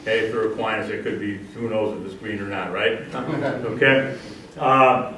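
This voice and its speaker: A man's voice: fairly low pitch, normal speed, a bit bright, slight background noise. A man coaching defensive line drills, checking in with "okay?" and calling out drill cues. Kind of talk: coaching clinic demonstration. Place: indoor training facility with a wall. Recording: echoey indoor space, mic held far off.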